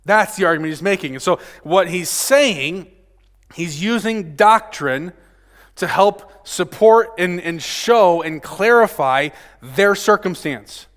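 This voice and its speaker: A man with a fairly high voice preaching a sermon, his words ringing with the long reverb of a church sanctuary. He swings from loud, emphatic peaks down to hushed, almost murmured lines, and keeps tossing in "right?" to pull his listeners along. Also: lively intonation, takes it slowly. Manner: frequent rhetorical "right?" tag questions. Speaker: pastor.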